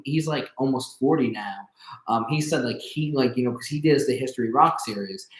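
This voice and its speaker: A young man hosting an interview, telling stories in a rambling, casual way full of fillers. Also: mid-range voice. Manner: rambling storyteller, many fillers. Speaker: interview host. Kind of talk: casual conversation. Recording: roomy echo.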